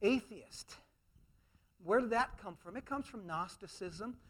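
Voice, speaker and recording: A man preaching a sermon, emphatic, swinging between loud declarations and hushed asides, mimicking others in mocking quoted voices. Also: sits high, animated, unhurried.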